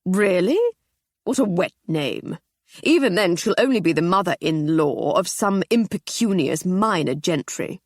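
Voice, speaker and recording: A woman's voice: on the low side, expressive, unhurried, no room sound, studio quality. A woman voicing a scornful middle-aged man grumbling at a party.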